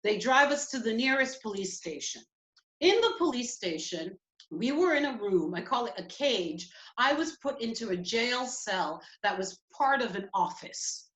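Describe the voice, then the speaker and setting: A woman telling a personal story at a community event, emotional and halting. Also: fairly high pitch, expressive, a bit bright, roomy sound.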